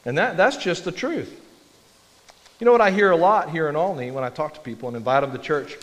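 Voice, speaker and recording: A man's slightly high voice moves a little fast as he gives a self-deprecating, conversational sermon. He's a pastor speaking in a church sanctuary, where the large hall adds a long reverb.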